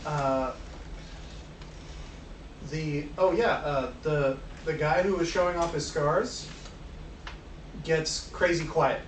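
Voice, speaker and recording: A rambling game master, roomy and distant. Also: male voice, fairly high pitch, steady tone, slow pace, pauses often. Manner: rambling, hesitant, lots of fillers. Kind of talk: narrating a tabletop game. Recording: roomy, distant mic with faint noise.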